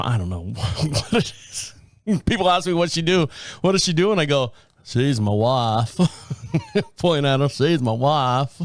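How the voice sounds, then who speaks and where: A man's voice: mid-range voice, dry recording, clean studio sound. A middle-aged man hosting a podcast, rambling casually and foul-mouthed, laughing often and acting out quotes. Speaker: podcast host.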